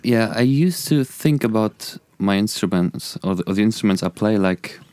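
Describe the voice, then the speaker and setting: Man, German accent, podcast guest, earnest, reflective, smooth, dry sound. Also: fairly low pitch, lively intonation, moderate pace, darkish tone, dry recording. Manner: earnest, reflective, many restarts. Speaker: musician and producer guest. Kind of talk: casual podcast chat.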